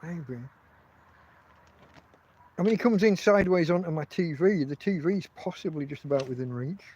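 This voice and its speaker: Here the English podcast host speaks at a normal speed from his tent, his high-set voice a little mellow. He rambles through profane tales on the livestream, breaking off and restarting as he goes. The audio sounds dull.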